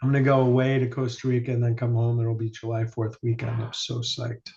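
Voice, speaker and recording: Casual male podcast host, mid-pitched, rambling storyteller, lo-fi mic. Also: completely flat delivery, brisk, creaky, warm tone. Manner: rambling storyteller, swears casually, many fillers. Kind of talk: casual chat. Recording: dull lo-fi sound.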